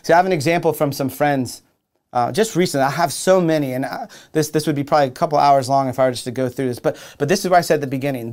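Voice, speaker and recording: A man's voice: mid-range voice, darkish tone. A young adult man preaching a sermon in an earnest, conversational way, often repeating and restarting his words. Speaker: pastor.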